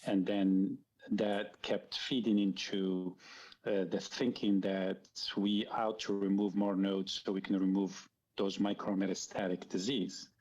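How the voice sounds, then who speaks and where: Low, husky-voiced male surgeon, slow and careful, dull lo-fi video-call sound. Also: level tone, a little mellow. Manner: measured, careful. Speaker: surgeon guest. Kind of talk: explaining research.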